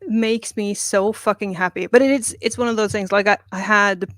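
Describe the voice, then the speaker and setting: A woman, a comic writer guest, telling animated, profane, self-mocking stories in casual chat. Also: mid-range voice, fairly quick, dry recording.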